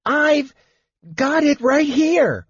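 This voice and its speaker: A man voicing a small, excitable old male kender, eager and breathless, in a squeaky high voice. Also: extremely slow, highs cut off, full character voice. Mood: eager shouting.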